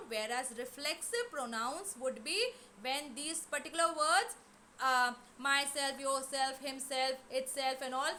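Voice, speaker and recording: A woman teaching a grammar lesson, explaining slowly and repeating key words. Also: high-pitched, pushed and bright, slight background noise. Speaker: English teacher. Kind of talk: online class lesson.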